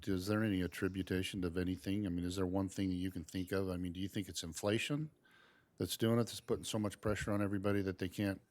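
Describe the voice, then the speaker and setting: Deep low voice, board member rambling through a question at a meeting, lots of i mean. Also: little pitch movement, fast talker, a little mellow. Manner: rambling, searching for words with repeated "I mean". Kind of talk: informal question at a public meeting.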